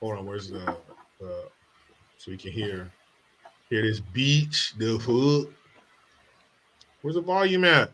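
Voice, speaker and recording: A man's voice: on the low side, takes it slowly, pauses often, a bit bright. A man hosting a comedy podcast who delivers profane, mocking rants. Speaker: podcast host.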